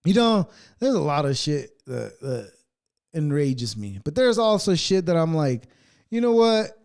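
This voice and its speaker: A man's voice: a little high, measured pace, creaky. A man hosting a podcast, ranting casually with heavy swearing and sarcasm as he reacts to clips. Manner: profane, sarcastic, animated ranting. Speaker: podcast host.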